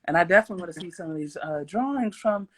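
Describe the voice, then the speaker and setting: A woman's voice: on the low side, expressive, rapid-fire, fairly bright tone, slightly rough. A young adult woman hosting a casual livestream interview, playful and rambling, breaking into giggles and silly sound effects. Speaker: host.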